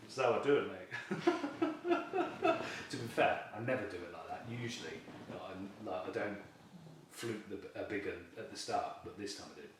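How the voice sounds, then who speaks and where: A man, a carp angler on a fishing team, telling a story in a chatty, lively way and laughing often. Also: fairly low pitch, brisk, distant mic. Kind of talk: casual storytelling in an interview. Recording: very echoey room, voice off-mic with faint noise.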